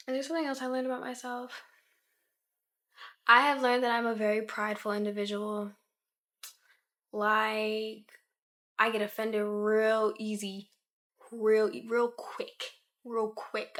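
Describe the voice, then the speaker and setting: Chatty young woman with a flat voice. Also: fairly high pitch, unhurried, long pauses. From Maryland. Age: 20 years old. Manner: chatty, with many filler "like"s. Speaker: YouTuber. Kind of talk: casual Q&A vlog.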